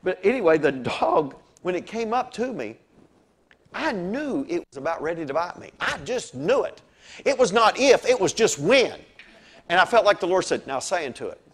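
Animated, fairly high-voiced male preacher. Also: moderate pace, breathy edge. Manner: animated storytelling, swings from soft to loud. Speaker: pastor. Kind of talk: sermon.

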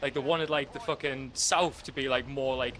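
A man's voice: mid-range voice, steady tone, moderate pace, a bit bright. A man with a North East English accent, a guest chatting casually and bluntly while gaming, swearing freely and laughing often. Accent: North East England. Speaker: guest band member. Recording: noisy with game gunfire behind.

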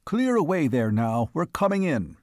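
A man's voice: on the high side, sing-song, normal speed, darkish tone, no room sound, clean studio sound, voice pushed up. A man voicing a pompous, jovial male small-town mayor, raising his voice to order a crowd back in an audiobook. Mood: commanding. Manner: bellowing commands to a crowd.

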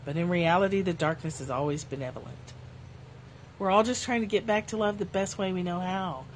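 A woman hosting a livestream works through spiritual passages in a low, even tone, reading calmly and slowly. Light asides poking fun at herself interrupt the text, and the audio carries a faint, steady hum as if captured on a phone.

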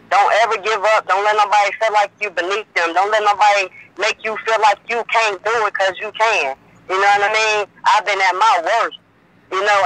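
A Southern woman, a mother and music artist, talking excitedly on a phone call and repeating "you know what I mean" as she goes. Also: medium pitch. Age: adult mother. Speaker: guest artist. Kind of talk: phone interview.

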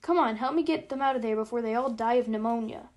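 A man's voice: very high-pitched, quick pace, darkish tone. A woman voicing a prim, indignant young male officer who scolds his drunken friends. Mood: scolding.

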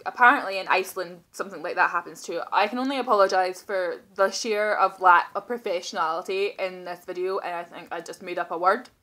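A woman in her thirties who talks in a rambling, excitable, self-mocking way, recording a casual video message while sitting at home. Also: mid-range voice. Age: 30s. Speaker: vlogger. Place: indoors at home, seated.

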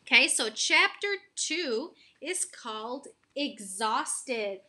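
Woman reading a children's book aloud, friendly, bright tone, a bit high. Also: expressive, takes it slowly. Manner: friendly, questioning listeners.

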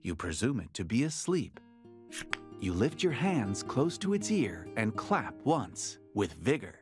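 A man's voice: on the low side, very animated, a little slow. A man narrating a card game in a storybook, second-person style. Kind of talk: scripted narration. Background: game music.

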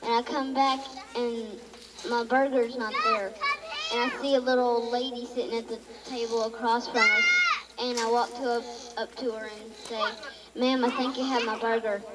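A woman with a Texan accent telling jokes deadpan at a family gathering, recorded on a home video from far off in a crowded room. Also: on the high side, normal speed, long reverb tail, heavy background noise. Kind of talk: casual joke telling at a family party.

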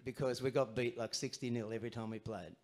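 A man's voice: medium pitch, steady tone, quick pace. A man in his sixties with an Australian accent, a singer telling a chatty, self-mocking story between songs at a live gig. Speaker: singer and bandleader. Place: small live music venue in a barn. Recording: live stage recording with band. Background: guitar and band music.

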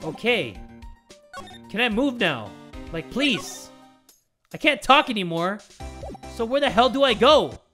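A man's voice: high-pitched, sing-song, a little slow, pauses often, pushed and bright, faint music behind. A man hosting a game playthrough, chatting casually and joking, and losing his voice. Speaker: gaming video host. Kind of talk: let's play commentary.

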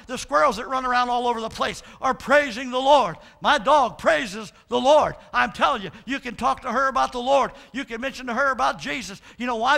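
Brief: pastor preaching, very high for a man, bright edge, emphatic and repetitive. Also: vocal fry. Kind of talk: sermon.

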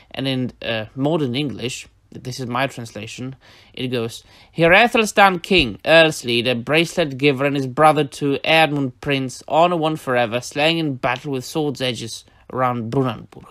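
A man at middle pitch talks through a lesson on poetry, reading passages from his own article in a measured, explanatory way. His voice sounds close and dry, with little room around it. Now and then he pauses on a filler before going on. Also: fairly bright tone, no room sound. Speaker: educator explaining literature.

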